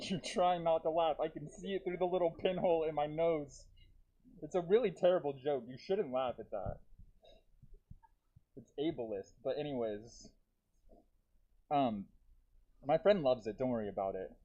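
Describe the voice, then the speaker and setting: A man performing a live stand-up set with dark, deadpan jokes and self-aware asides to the audience, talking through a deer mask. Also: fairly high pitch, normal speed, long pauses, lo-fi sound. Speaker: stand-up comedian. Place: comedy theater stage.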